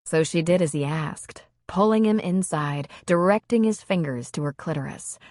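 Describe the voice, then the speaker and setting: A woman reading an audiobook as its narrator, in a slow, measured scripted narration. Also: fairly low pitch, darkish tone, dry recording, studio quality.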